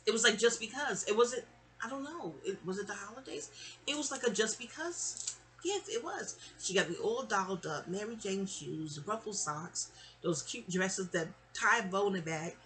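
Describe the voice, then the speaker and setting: Bright-voiced, chatty middle-aged woman storyteller. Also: mid-range voice, moderate pace. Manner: chatty and animated, acting out quoted voices. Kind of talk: casual storytime monologue.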